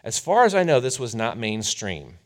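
A man preaching a sermon as a pastor, telling the story in a conversational, animated way. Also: mid-range voice, moderate pace.

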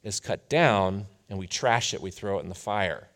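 A man voicing a fiery male desert prophet who scolds the crowds in a booming, declamatory way. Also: animated, moderate pace, a bit bright. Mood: scolding.

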